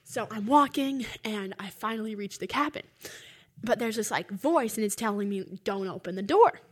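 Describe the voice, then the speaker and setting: Chatty young woman with a high voice. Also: moderate pace, a bit bright. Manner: rambling, many filler words. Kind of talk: casual storytelling.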